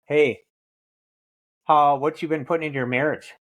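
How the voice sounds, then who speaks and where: A man's voice: a little high, steady tone, normal speed, a bit bright. A middle-aged man in recovery, talking bluntly and profanely as a podcast guest, preaching tough love. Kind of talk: blunt conversational storytelling.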